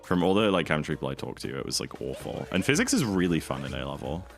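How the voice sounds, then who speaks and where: Young British male streamer: deep, gravelly, chatty, lively swings in pitch, sudden outbursts. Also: quick pace, soft background music. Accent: British English. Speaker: speedrun streamer. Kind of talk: casual livestream chat.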